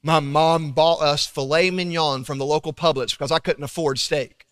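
A young man preaching a sermon, telling stories with loud emphasis and hushed asides. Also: fairly high pitch, moderate pace, clear, resonant tone. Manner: animated storytelling, swinging between loud emphasis and hushed asides. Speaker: pastor. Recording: long reverb of a large hall.

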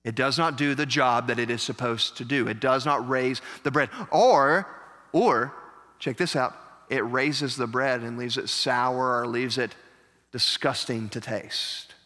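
A man pastor preaching a sermon in a church, animated, with joking asides to the congregation. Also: medium pitch, a little slow. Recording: echoey church hall.

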